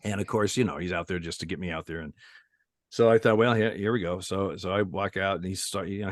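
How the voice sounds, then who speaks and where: An older man in his sixties tells stories with frequent chuckles and restarts. He sounds like a retired umpire on an interview. His voice is low-pitched and recorded dry with no room sound. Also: fairly even intonation, fast talker, fairly bright tone, no echo. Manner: chuckling storyteller with many restarts. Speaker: retired baseball umpire, guest. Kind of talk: casual anecdote telling in an interview.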